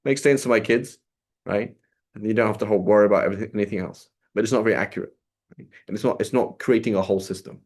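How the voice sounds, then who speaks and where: A man with a low-set voice teaches grammar to a small group. He works through each point step by step and checks understanding with a quick "right?" after almost every idea. He is heard over a video call. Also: a little mellow. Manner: explanatory, checks in with frequent "right?".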